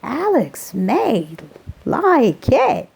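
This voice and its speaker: A woman's voice: high voice, wildly swooping pitch, extremely slow, creaky, a little mellow, slightly rough, pitched above the performer's own voice, exaggerated voice. A woman voicing a friendly, casual young man asking curious questions. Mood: chummy. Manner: casual, chummy.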